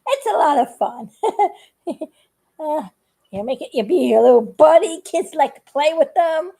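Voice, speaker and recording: Older woman, casual craft vlogger, giggly and folksy, very lively pitch. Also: a little slow, creaky. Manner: giggly, laughs often between lines; folksy, chatty, rambling. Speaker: craft video maker. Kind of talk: casual how-to vlog.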